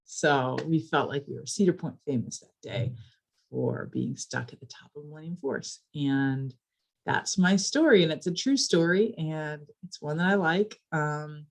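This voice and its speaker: A woman from a library telling a personal story in a casual, animated way, building suspense with repeated phrases. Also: deep voice.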